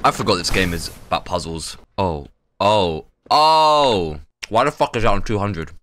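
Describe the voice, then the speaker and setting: A man streaming a game live, reacting loudly and excitably with lots of swearing. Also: fairly low pitch, normal speed, a little hiss or hum. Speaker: gaming streamer. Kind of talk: casual live-stream gameplay commentary.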